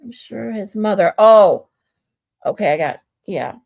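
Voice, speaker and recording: A woman's voice: medium pitch, expressive, unhurried, creaky, a little mellow, highs cut off. A woman hosting a casual live stream, talking bluntly and swearing freely, often restarting her sentences as she reads text messages aloud to her chat. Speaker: livestream host.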